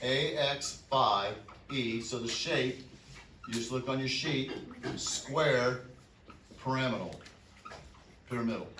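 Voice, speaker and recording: Male chemistry teacher, bright and upbeat, jokes and quizzes a class; distant mic in a roomy classroom. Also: medium pitch, slow pace, a little hiss or hum. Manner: upbeat, joking, counts aloud and quizzes students. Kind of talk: classroom lecture. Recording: echoey classroom, mic far off.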